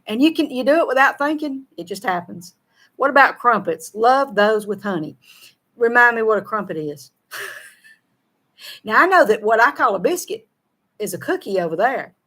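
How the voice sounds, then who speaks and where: This Southern American co-host, a middle-aged woman, has a fairly high, slightly bright voice and sounds animated, talking at normal speed but pausing often. She chats casually over viewer comments, folksy, laughing frequently, words running together.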